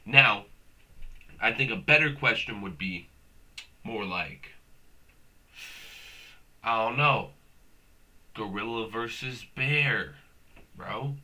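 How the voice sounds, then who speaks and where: Young guy w a really bright edgy voice, cussing and rambling comedy rant, bro this bro that. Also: medium pitch. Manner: profane, rambling, slangy, says "bro" a lot. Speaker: host.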